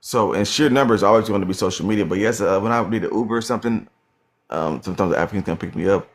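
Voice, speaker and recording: A man's voice: fairly low pitch, rapid-fire. Insistent man in a heated argument. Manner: insistent, repeats himself. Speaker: live stream panelist. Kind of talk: heated live stream argument.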